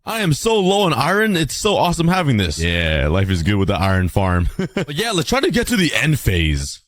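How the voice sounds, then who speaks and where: A young man giving excitable Minecraft let's play commentary, exclaiming and laughing often. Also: medium pitch, brisk, no room sound. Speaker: gaming YouTuber.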